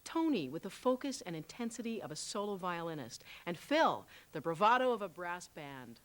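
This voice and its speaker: A woman host giving a scripted, measured introduction to a documentary. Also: on the low side, big pitch swings.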